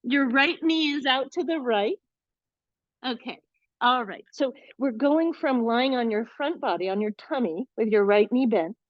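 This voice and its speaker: A woman's voice: a little high, unhurried, dry recording, highs cut off. A woman leading a live yoga class, chatty and encouraging, with playful asides. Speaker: yoga teacher.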